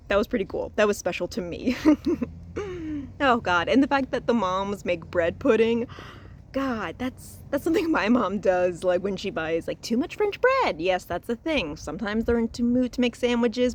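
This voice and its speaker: A woman from Louisiana giving a casual spoken review, chatty and expressive, recorded outdoors. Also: mid-range voice, a little hiss or hum. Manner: chatty and expressive, with frequent laughs and sighs. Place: outdoors in a cemetery.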